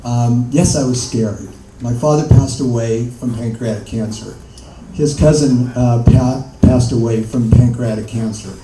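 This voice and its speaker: An older man, an interview guest, telling his story in a halting way with many fillers and laughs. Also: medium pitch, music in the background. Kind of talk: conversational storytelling. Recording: echoey room, mic far off, faint noise.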